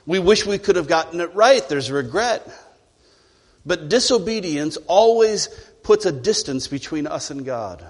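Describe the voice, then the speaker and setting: His voice on the high side, expressive and unhurried, a male pastor preaches in a spacious church sanctuary. He's emphatic and keeps posing rhetorical questions.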